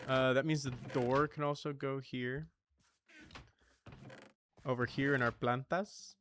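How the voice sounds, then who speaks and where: A man with a bright, forward voice rambles casually through a let's-play, swearing now and then and chatting to the items he is sorting. Soft music plays faintly behind him. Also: medium pitch, little pitch movement, measured pace, long pauses. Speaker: gaming streamer.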